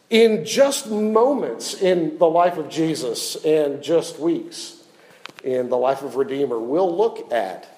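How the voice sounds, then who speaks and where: A pastor preaching a sermon, his delivery swinging from loud, raised lines to hushed ones. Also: on the high side, rough recording.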